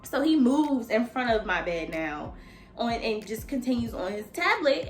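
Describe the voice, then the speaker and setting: Lively, profane woman telling a story. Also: fairly high pitch, unhurried, faint music behind. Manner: animated, profane, addresses viewers as y'all. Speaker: nail technician. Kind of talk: casual storytime. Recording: echoey room.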